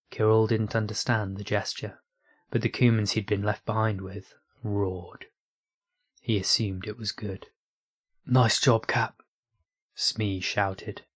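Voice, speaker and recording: Brief: male narrator, low, flat delivery, husky, dry close mic. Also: dry recording. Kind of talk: audiobook reading of online fiction.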